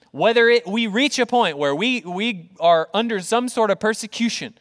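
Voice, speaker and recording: A man preaching a conversational, animated sermon, full of rhetorical questions, in a church auditorium. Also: high voice, big-room sound. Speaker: pastor.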